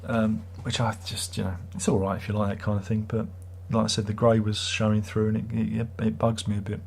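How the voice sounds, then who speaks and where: A man's voice: fairly low pitch, flat delivery, fairly quick, gravelly, darkish tone, slightly rough. A middle-aged man hosts a livestream, chatting casually and reading viewer comments in a sarcastic, rambling way. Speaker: livestream host.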